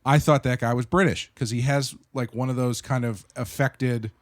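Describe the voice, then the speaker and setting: A man's voice: mid-range voice, normal speed, dry recording, studio quality. Laid-back man chatting about old films. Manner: relaxed, anecdotal, filler-heavy. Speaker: podcast co-host. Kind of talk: casual film discussion.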